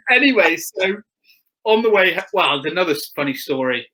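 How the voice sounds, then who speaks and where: High-pitched with big swings in pitch, this young motocross rider speaks at a normal speed in a bright, forceful tone. As a guest in a casual chat, he tells stories, laughs a lot, and acts out what people said. The recording is low quality.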